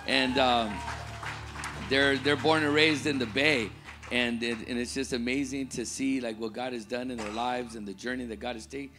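A man welcomes guests to the service in a middle-pitched voice, stumbling a little with restarts and fillers. Soft instrumental music plays faintly behind him. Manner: hesitant, with repeated starts and "um"s. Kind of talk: church announcement.

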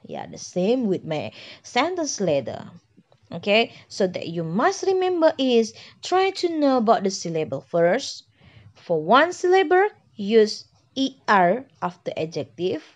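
Woman, Indonesian accent, unhurried teacher, repeats points and checks in often, dull lo-fi recording. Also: mid-range voice, sing-song. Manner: patient, repetitive explaining with frequent "okay" and "yeah" checks. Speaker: English teacher. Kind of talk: classroom grammar lesson.

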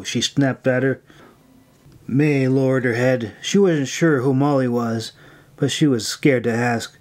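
A man narrating his own fantasy novel at an unhurried, deliberate pace, his pitch sitting in an ordinary middle range. He reads steadily, now and then tripping on a word and starting over. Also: fairly even intonation, a little mellow. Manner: slow, measured reading with small slips and restarts. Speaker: author reading his novel. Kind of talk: audiobook narration.

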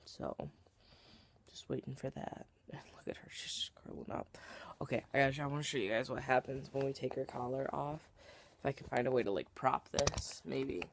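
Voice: medium pitch, moderate pace, a little hiss or hum. A vlogger chatting casually at home into a handheld phone, rambling, giggling and often dropping to a whisper.

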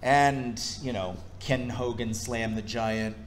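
A man's voice: mid-range voice, takes it slowly. A man, a voice actor, telling stories at a convention panel and slipping into impressions. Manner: animated storyteller, slips into impressions. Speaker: voice actor guest.

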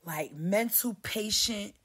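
A woman delivers a rambling, heavily profane podcast rant. She swears constantly and jumps between stories, acting out what others said to her in a sharper, louder voice. Her pitch sits in an ordinary middle range for a woman. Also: slow pace, husky. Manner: heavy cursing, animated, mimics others in raised voice. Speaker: podcast host.

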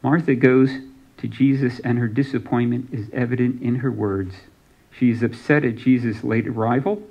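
A man's voice: medium pitch, steady tone, moderate pace. Man preaching a sermon, slightly dull recording. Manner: reads scripture aloud with some dramatic emphasis. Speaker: pastor. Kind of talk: sermon with scripture reading.

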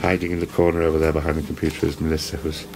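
A man's voice: a bass voice, monotone, rapid-fire, background noise. A man presenting a rambling, enthusiastic walk-around tour of a shop. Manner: enthusiastic, rambling, self-deprecating. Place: indoor shop.

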